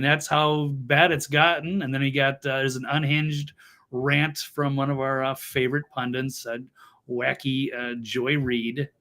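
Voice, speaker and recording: A man hosting a political talk show, speaking with deadpan irony and lots of fillers. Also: mid-range voice. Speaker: host.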